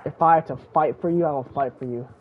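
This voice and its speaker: Excitable young man streaming a game. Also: fairly high pitch, fast talker. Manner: excitable, swings between muttering and squealing. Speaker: gaming streamer. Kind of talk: casual live game commentary. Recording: tinny phone-like stream audio, faint noise.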